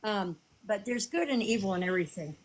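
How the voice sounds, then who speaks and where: Female caller; halting and unsure, turns emphatic and sermon-like. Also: medium pitch, expressive, rough recording. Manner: hesitant with many ums, then preachy and emphatic. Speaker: caller in a debate. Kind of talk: casual live debate.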